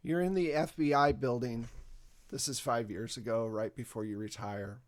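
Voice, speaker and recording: A man at a middle pitch narrates a tabletop game as its game master. He tells the story in a loose, relaxed way and uses plenty of fillers. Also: moderate pace.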